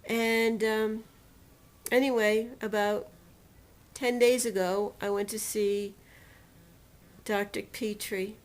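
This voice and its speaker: A woman recounting a painful personal experience in a storytelling manner, slowly and deliberately, acting out what was said to her. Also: mid-range voice, flat delivery. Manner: emotional retelling, quotes others and herself dramatically. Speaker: personal testimonial speaker.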